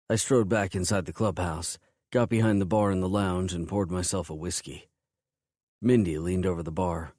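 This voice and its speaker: A man narrating a first-person romance audiobook in a low, intense, measured way. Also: steady tone, darkish tone, no room sound, studio quality.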